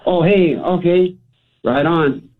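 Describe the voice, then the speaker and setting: A man's voice: on the high side, takes it slowly. A male caller on the phone, laid-back and a bit hesitant, speaking casually. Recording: tinny phone line.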